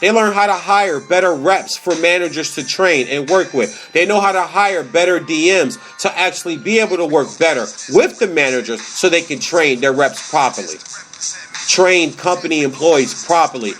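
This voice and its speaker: A man hosting a comedy podcast, delivering a casual, animated sports rant full of slang and repeated phrases for emphasis. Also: fairly high pitch, moderate pace, faint music behind.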